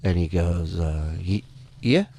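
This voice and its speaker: A man hosting a radio show, telling a story in a loose, profane, animated way. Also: sits low, slow. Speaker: radio host. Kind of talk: casual radio chat and storytelling.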